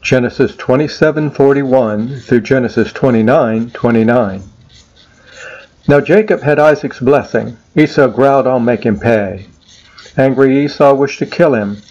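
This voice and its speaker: A man narrating a rhyming storybook poem in a measured, sing-song way. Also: mid-range voice, a little mellow, lo-fi sound.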